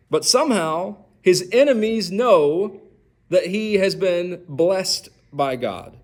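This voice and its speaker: A man leading a church Bible study, animated and asking the group questions. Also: high-pitched, takes it slowly. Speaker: pastor.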